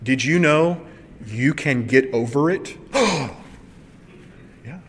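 A man preaching a sermon in a conversational, animated way, asking the congregation rhetorical questions. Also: mid-range voice, takes it slowly, husky. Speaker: pastor. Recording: long hall reverb.

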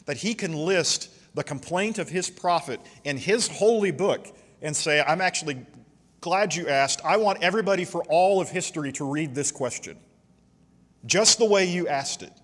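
A man preaching a sermon in a church, reading scripture aloud with passionate, slowed emphasis. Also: fairly high pitch, big-room sound. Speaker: pastor.

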